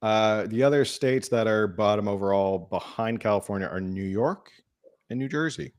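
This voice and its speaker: A man's voice: fairly low pitch, moderate pace, a little mellow. A man co-hosting a podcast, talking through the week's politics in a dry, wry way. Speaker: podcast co-host. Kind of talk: casual political chat.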